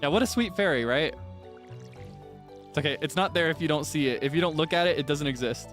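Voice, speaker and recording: A chatty young man streams a farming game in a fairly high voice, laughing often and launching into dramatic, frustrated rants. Soft game music plays faintly behind him. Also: fairly quick. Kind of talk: casual gameplay chat.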